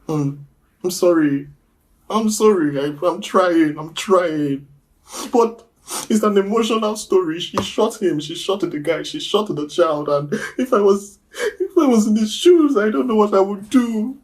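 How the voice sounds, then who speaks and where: An overwrought actor breaking down in tears, stammering and sobbing. His voice shoots up far above its usual low register and gets loud as he cracks. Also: expressive, a little slow. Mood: tearful.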